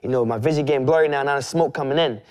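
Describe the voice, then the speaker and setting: A man's voice: medium pitch, very fast, a little mellow, clear, resonant tone. A young man in his twenties, a guest, telling a personal story in a loose conversational way, with lots of "you know" and restarts. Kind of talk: emotional storytelling in casual conversation.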